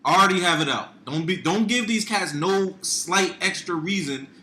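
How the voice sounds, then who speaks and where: Man co-host, slangy and emphatic, higher voice, echoey room. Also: expressive, normal speed, bright, forceful tone. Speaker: podcast co-host. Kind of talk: casual chat. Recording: roomy echo.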